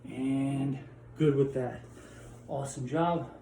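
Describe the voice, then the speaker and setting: A man's voice: mid-range voice, fairly even intonation, slow pace, dark tone. A man leads a home workout class, cheering people on through each exercise while he does it with them. His breath runs short as he talks. The sound has a roomy echo and a faint hiss behind it. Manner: upbeat coaching while exercising. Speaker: PE teacher.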